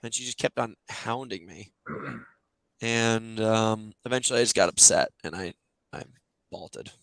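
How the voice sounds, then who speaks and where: A man's voice: lowish voice, normal speed, dry recording. A male podcast host chatting casually, telling stories animatedly with lots of fillers. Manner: animated, loose storytelling with many fillers. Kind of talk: casual chat.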